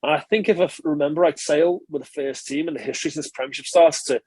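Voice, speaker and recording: Man, former rugby player, interview guest, rambling, brisk talker, dry close sound. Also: on the high side, a little mellow, breathy edge, no room sound. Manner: chatty, rambling recollection, frequent filler and self-correction. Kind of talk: relaxed interview storytelling.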